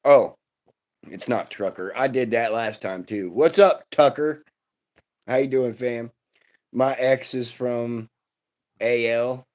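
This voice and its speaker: A man's voice: mid-range voice, slow, long pauses, a little mellow. A man hosting a casual live stream, telling crude jokes and greeting people in the chat.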